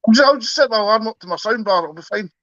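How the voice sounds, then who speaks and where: A man's voice: high-pitched, animated, very fast, sharp tone, no room sound. A man, a guest on a fan podcast, laid-back and giving short answers. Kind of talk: casual fan podcast chat. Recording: dull, dry remote line.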